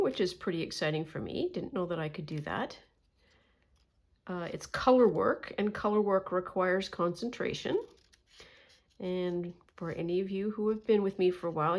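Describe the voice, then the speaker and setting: Chatty Canadian woman vlogging. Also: medium pitch. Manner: rambling, self-deprecating, chatty with fillers. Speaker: crafting vlogger. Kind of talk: casual chat while drawing.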